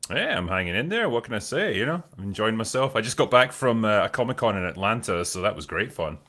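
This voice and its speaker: Bright, low-voiced Scottish man. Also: sing-song, fast talker. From Scotland. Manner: dry, self-deprecating humor. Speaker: guest panelist, film critic. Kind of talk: casual panel chat.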